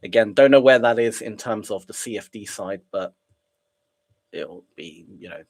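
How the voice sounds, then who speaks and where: A man's voice: fairly low pitch, normal speed, a little mellow. A young man with a cold, casually narrating his live trading and chatting with viewers. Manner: casual, chatty, reads chat aloud and reacts. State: sniffly with a cold. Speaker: day trader streaming live. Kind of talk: live trading stream commentary.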